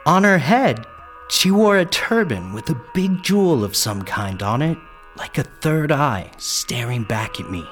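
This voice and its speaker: A man narrating a first-person story in a lively, wry way. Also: medium pitch, measured pace, faint music behind.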